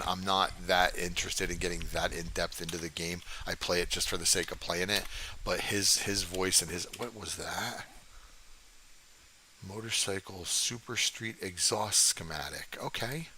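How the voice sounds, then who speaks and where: Deep-voiced older man, profane and rambling. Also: background noise. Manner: rambling, profane, chatty, reads and answers chat. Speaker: gaming livestream host. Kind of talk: casual livestream chat while playing. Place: home desk.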